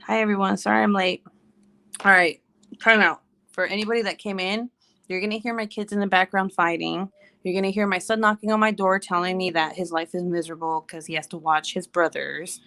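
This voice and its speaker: A woman's voice: fairly low pitch, steady tone, fairly quick, bright, forceful tone. A woman chatting casually on a home livestream, rambling and laughing often. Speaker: livestream host.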